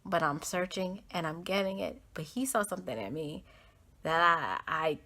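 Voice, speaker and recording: A woman's voice: lowish voice, normal speed, fairly bright tone. A young American woman hosting her own podcast, telling a heartfelt personal story in a rambling, earnest way full of "like" and "um". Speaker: podcast host.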